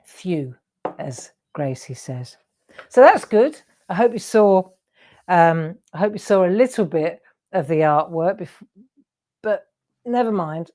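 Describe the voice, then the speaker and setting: A woman's voice: fairly low pitch, animated, unhurried, a little mellow. A middle-aged woman hosting a live craft demonstration, chatty and encouraging, often asking her viewers questions. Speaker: craft show host.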